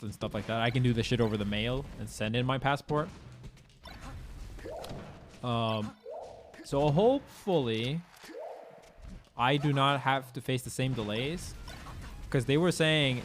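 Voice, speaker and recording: A man's voice: mid-range voice, a little slow, pauses often. A young man from Sweden, streaming and chatting with his viewers in a loose, slangy way and swearing freely. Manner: laid-back and slangy, swears freely, loose rambling delivery. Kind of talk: casual chat with viewers.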